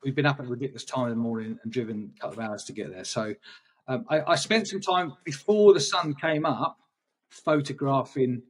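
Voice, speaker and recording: A man's voice: mid-range voice, fairly quick, slightly rough, far from the mic. A man chatting in an interview about his photography, rambling and hesitant, with many restarts. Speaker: guest photographer. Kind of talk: casual interview chat.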